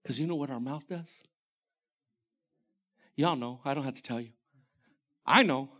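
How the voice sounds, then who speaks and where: A man preaching a sermon as pastor, animated, swinging from shouted lines to hushed, near-whispered ones. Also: medium pitch, moderate pace.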